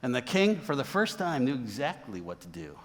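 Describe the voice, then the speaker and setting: A man's voice: mid-range voice, big pitch swings, brisk, big-room sound. A man preaching a sermon, retelling a Bible story with voices for its characters.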